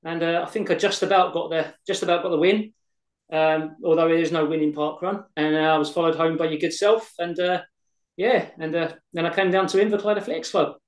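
A man's voice: on the high side, fairly even intonation, brisk. An English man co-hosting a podcast, chatting casually and repeating words as he talks. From England. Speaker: podcast co-host. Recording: echoey room.

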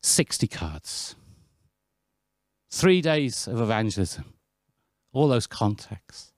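A man's voice: on the low side, takes it slowly, dry recording, studio quality. A British man preaching a sermon, telling stories in a chatty, self-deprecating way. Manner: anecdotal, chatty and lively, with self-deprecating asides.

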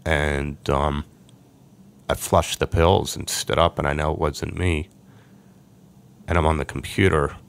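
A man's voice: a bass voice, fairly even intonation, unhurried, gravelly, long pauses, smooth. A middle-aged man earnestly telling an emotional personal story as a podcast guest.

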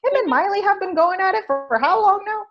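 A giggly young woman in her twenties with a high voice that rises and falls a lot, co-hosting a casual podcast chat. She is recorded over a video call, and the audio comes through dull and lo-fi. She laughs easily and keeps apologizing. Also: lively intonation, fast talker, music in the background. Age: 20s. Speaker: podcast co-host.

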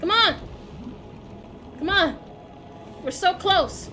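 Woman gaming host, high and animated, casual slangy play-along banter with yelps and curses; game music running clearly behind her. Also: takes it slowly, pauses often. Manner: excitable, loud reactive yelps and cursing. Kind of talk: let's play commentary. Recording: game music playing loudly underneath.

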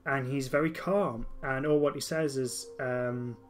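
The podcast host speaks at a medium pitch with fairly even intonation. In a casual, enthusiastic discussion, he often breaks off his sentences and restarts them.

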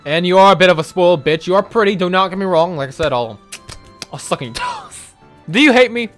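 A man's voice: high-pitched, lively intonation, fairly quick, fairly bright tone, soft background music. A man playing a visual novel, commenting in a crude, joking, giggly way, with lots of swearing. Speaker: gaming YouTuber reacting to a visual novel. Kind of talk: casual let's-play commentary.

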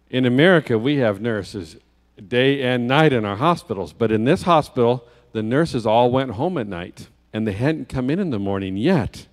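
A man preaching as a guest speaker, telling a children's story in a church sanctuary with vivid detail and rhetorical questions. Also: mid-range voice. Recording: long church hall reverb.

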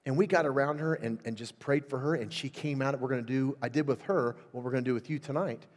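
A middle-aged man preaches at a revival, moving from quiet storytelling to loud, fervent exhortation. His voice sits at an ordinary male pitch. It rings with the long reverb of a large church hall. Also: fast. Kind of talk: sermon.

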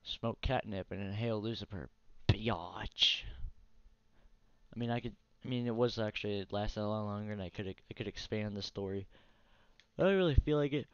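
A tired gaming channel host rants bluntly and profanely while commenting on his own console gameplay in a casual let's play. His voice is fairly low, fast, darkish, clear and resonant. The dull lo-fi mic gives a dry recording with no room sound.

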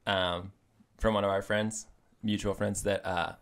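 Casting: male podcast co-host, slightly low voice, animated and joking, casual banter. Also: unhurried, clean tone. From Mexican family. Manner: animated, joking, talks with mouth full. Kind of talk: casual chat.

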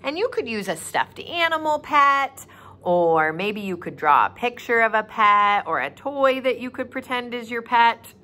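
A preschool teacher leads circle time for small children, her voice bright and clear as it swoops up and down. She talks slowly and asks the little ones one question after another. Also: fairly high pitch. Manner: slow, sing-song and expressive, asking children questions. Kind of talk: virtual circle time lesson for young children. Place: office.

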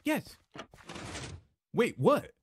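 A man's voice: high voice, very animated, very slow, slight background noise. A man chatting with a friend over a game, jumpy and yelping when startled. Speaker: gaming video creator. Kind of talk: gameplay chat with a friend.

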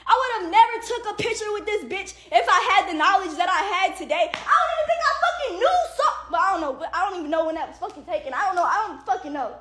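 High-pitched young woman ranting, swearing hard. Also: sing-song, quick pace, few pauses, sharp tone, slight background noise. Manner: heavy profanity, repeated "like" and "bro"; indignant and exasperated, with bursts of laughter. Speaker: livestreamer. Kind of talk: angry livestream rant.

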